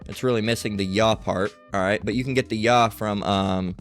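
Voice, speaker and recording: A man's voice: fairly low pitch, steady tone, moderate pace, faint music behind. A man leading a screen-share Bible study lesson, talking emphatically and checking in with "all right?" and "okay?". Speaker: Bible teacher.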